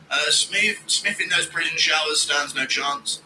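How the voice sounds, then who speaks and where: A man's voice: unhurried, hardly any pauses, background noise. A man hosting a fight watch-along stream, chatting casually, reading out donations and cracking crude jokes. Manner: crude, jokey, does squealing high-pitched impressions.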